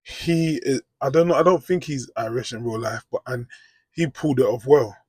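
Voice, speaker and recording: A British man talks to camera in a loose, rambling way. He keeps asking "do you know what I mean". His voice is slightly husky, mid-pitched, and recorded close and dry. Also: normal speed, darkish tone, dry recording. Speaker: vlogger. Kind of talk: casual reaction commentary.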